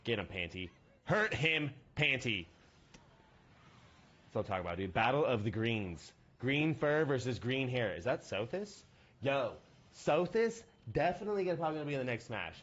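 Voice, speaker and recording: A man's voice: medium pitch, expressive, brisk, muffled recording. A young man streaming games, chatting casually in a rambling, slangy, joking way. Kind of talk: casual gaming stream chat.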